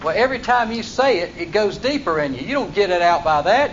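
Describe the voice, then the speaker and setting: High-voiced preacher on a dull recording. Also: male voice, expressive, a little fast. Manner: reads verses in old-fashioned wording, then explains in plain folksy talk. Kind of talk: sermon reading and expounding scripture. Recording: dull lo-fi recording with faint noise.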